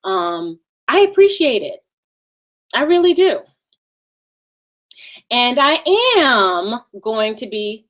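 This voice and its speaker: A woman with a high, bright Valley Girl voice talks to her live-stream viewers. She is sassy and animated and drops mocking asides. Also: slow, long pauses. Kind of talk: casual live-stream talk.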